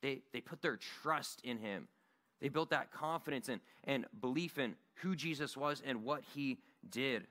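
A man delivers a sermon in an earnest, conversational way. His voice is bright and forward, at a middling pitch. He speaks in a church meeting room. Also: measured pace. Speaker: Bible study teacher.

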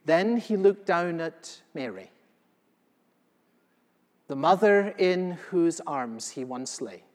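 A male pastor playing the apostle John in a first-person sermon, telling what he saw with earnest feeling, moving between hushed and loud passages. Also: a little high. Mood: solemn. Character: the elderly apostle John, solemn eyewitness. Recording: long reverb of a large hall.

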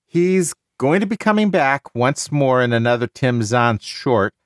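A man's voice: medium pitch, expressive, unhurried, no room sound, clean studio sound. A man hosting a casual book discussion podcast, talking with enthusiasm and often restarting his sentences. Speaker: podcast host.

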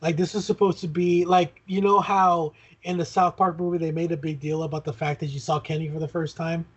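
Husky-voiced man chatting on a podcast. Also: a little high, level tone, a little fast, dull audio. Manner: hesitant, many fillers and restarts. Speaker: podcast co-host. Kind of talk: casual chat.

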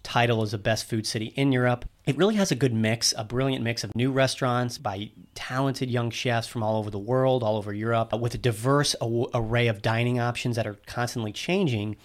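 A man's voice: mid-range voice, brisk, hardly any pauses. Chatty male podcast host, explaining. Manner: chatty, explanatory, self-teasing. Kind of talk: casual podcast conversation.

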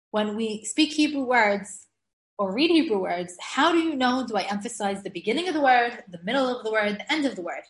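Chatty woman teaching in an echoey room. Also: on the high side. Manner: chatty, laughs often, slows to spell out words. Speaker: Hebrew grammar teacher. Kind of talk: informal classroom lesson.

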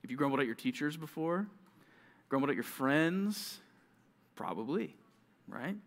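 A man with a somewhat high voice preaches to a room of junior high students. He keeps it conversational and lively. Now and then he slips into quick mock voices of grumbling kids. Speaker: youth pastor.

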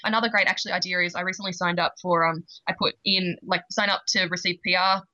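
A rapid-fire Australian woman chats eagerly as a podcast guest. Her voice is bright and a little sharp, recorded dry and close with no room sound. The sound is dull and slightly lo-fi. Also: lowish voice, flat delivery, no echo. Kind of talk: casual interview chat.

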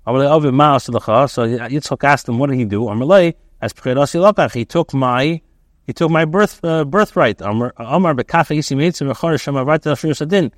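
A man teaching as a rabbi reads a text aloud and translates it line by line, haltingly, with frequent restarts and fillers. His pitch is medium, and the studio-quality recording has no echo.

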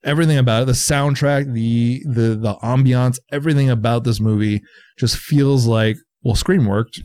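Animated man reviewing a movie, dry sound. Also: medium pitch, normal speed, no echo. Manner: animated, profane, quotes trailers and studio thinking. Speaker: podcast co-host. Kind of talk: casual movie review chat.

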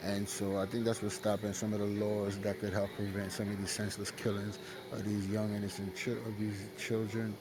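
Low-voiced Brooklyn caller on a noisy line. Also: male voice, completely flat delivery, brisk. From Brooklyn, New York. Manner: hesitant, many fillers and restarts, apologetic.

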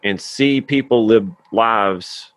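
A man's voice: fairly low pitch, slow pace, a bit bright, no room sound. A man from Tennessee, hosting a podcast with a scripted intro and a friendly, earnest chat. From Tennessee, USA. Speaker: podcast host. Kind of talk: scripted intro then casual interview.

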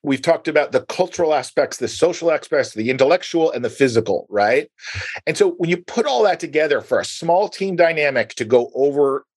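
A man's voice: on the high side, expressive, brisk, a little mellow, slightly rough, no room sound. A man hosting a conversational interview podcast, telling stories and asking long framing questions. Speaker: podcast host.

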